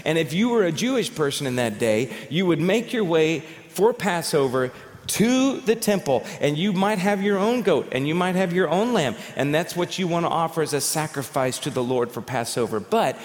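A man preaching a sermon as pastor, telling stories in an animated way and often repeating words as he goes. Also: fairly high pitch, moderate pace. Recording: long reverb of a large hall.

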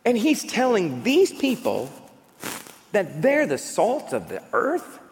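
Animated preacher man in a reverberant hall. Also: high-pitched, slow pace, slight background noise. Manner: animated, emphatic preaching with rhetorical questions. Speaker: pastor. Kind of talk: sermon.

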